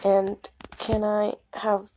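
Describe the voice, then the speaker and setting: A woman voicing a timid bunny boy in a comic reading, hesitant and halting. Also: mid-range voice, completely flat delivery, mellow, slight background noise. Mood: shy.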